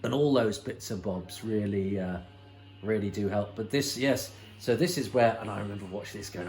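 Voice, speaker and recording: A man's voice: fairly low pitch, moderate pace, a little mellow, soft background music, low-quality recording. A man hosting a watch-along, commenting on an old episode in a chatty, enthusiastic way with many fillers and restarts. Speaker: host.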